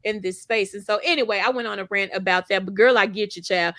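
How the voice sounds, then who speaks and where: A woman co-hosting a community livestream, telling animated stories with playful asides on a video call. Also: medium pitch, fast, dry recording. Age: adult with school-age children. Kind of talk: casual chat.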